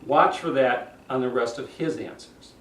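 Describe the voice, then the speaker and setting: A man teaching public speaking, demonstrating phrasing with dramatic pauses and emphasis. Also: mid-range voice, a bit bright. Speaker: speaking coach. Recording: echoey room from far off with faint noise.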